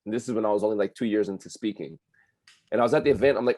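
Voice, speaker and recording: A man from New Jersey talks with a low, mellow voice on a dry, close recording. He speaks earnestly as a radio guest and fills his sentences with "like." The interview has a casual feel. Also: racing, dry recording. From New Jersey, USA. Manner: earnest, with lots of "like" fillers.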